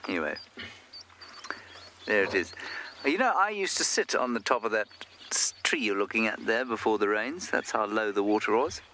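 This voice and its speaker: A man's voice: fairly low pitch, expressive, a little fast, bright, forceful tone. A man guiding a live safari drive, joking and chatting with viewers in a self-mocking way. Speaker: safari guide presenting a live game drive. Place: outdoors in the bush. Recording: outdoor field mic with clear nature noise.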